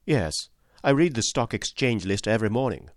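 A man's voice: lowish voice, sing-song, normal speed, no room sound, studio quality. A man voicing an eager, modest young clerk answering questions about his work in an audiobook. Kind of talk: audiobook character voice.

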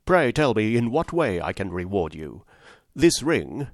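A man's voice: lowish voice, very animated, a little slow, no echo. Man playing vain king, exclamatory, effusive, dry close sound. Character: excitable, vain middle-aged king.

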